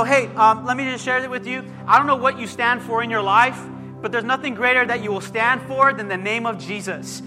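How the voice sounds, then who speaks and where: A man preaching a sermon as pastor, emphatic and animated, calling out to his congregation. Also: very high voice. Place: church sanctuary. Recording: long hall reverb with faint music.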